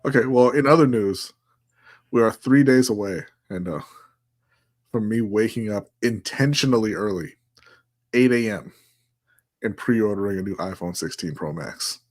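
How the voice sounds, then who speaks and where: A man's voice: fairly low pitch, moderate pace, pauses often. A man co-hosting a casual sports podcast, making football picks in a dry, teasing way. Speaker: podcast co-host.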